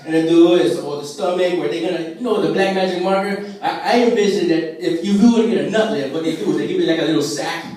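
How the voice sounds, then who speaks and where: Speaking fast with hardly any pauses, this comedian has a slightly high, darkish voice. He's at a restaurant open mic, a man from a Puerto Rican family in the US rambling through a story with many fillers and acted-out voices, caught from far away in a very echoey room.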